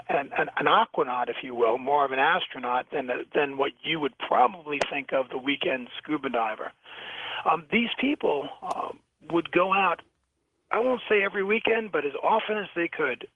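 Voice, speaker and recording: A man from New York, a shipwreck diver, telling stories as a radio guest over the phone, halting with many restarts and repeated words. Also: a little high, dry recording. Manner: lively storyteller. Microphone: telephone. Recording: tinny phone line, dry.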